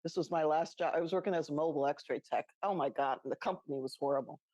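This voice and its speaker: A middle-aged woman with a lowish voice, co-hosting and telling a personal story. She is chatty and laughs as she talks. She acts out the lines of people she quotes. The recording is dry and close. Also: fast talker, a little mellow, no room sound. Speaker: podcast co-host. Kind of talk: casual storytelling chat.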